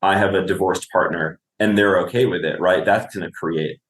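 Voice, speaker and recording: A man's voice: sits low, steady tone, moderate pace, roomy sound. A man, a clinician and podcast guest, explaining parenting in conversation, often asking "right?" and acting out what a parent would say.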